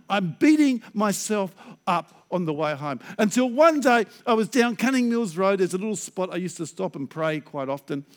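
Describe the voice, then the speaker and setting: A middle-aged man preaching a sermon as a pastor, lively and acting out stammering inner voices. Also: sits high.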